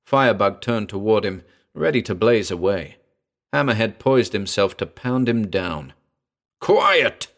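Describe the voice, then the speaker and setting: Male audiobook narrator, low, wry first-person storyteller. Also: animated, moderate pace. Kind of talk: audiobook reading.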